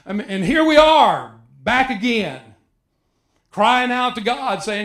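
A man's voice: extremely high pitch, lively intonation, takes it slowly, a bit bright. A man preaches a sermon. He keeps it conversational and joking, throwing rhetorical questions at his listeners. His voice rings out in an echoey church room. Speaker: pastor.

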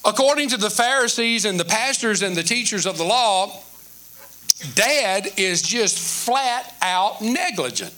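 A man's voice: sits high, animated, a little slow, pushed and bright. A male pastor preaching a sermon in a church, telling the story animatedly with many repetitions and restarts.

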